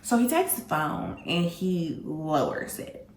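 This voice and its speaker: A woman hosting a candid storytelling vlog, telling her story in an animated, blunt way and speaking straight to her audience. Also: lowish voice, slow pace, reverberant, slight background noise. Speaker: vlog host.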